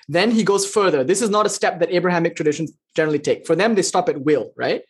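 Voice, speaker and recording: Husky-voiced teacher, flippant and animated. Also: medium pitch, quick pace, hardly any pauses. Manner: flippant, joking, swears casually; animated and expressive. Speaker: spiritual teacher. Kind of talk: informal spiritual lecture with chanting.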